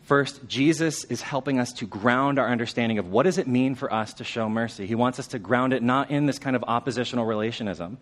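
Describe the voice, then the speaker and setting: In a mid-range voice, a man preaches fairly quickly with hardly any pauses, keeping the sermon conversational. He asks his congregation questions and goes hushed for weighty lines.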